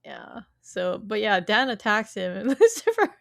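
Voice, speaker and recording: A woman's voice: medium pitch, very animated, normal speed, vocal fry, a bit bright, no room sound, studio quality. A woman co-hosting a casual TV recap podcast, retelling scenes with frequent laughter and playful quoted lines. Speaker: podcast co-host.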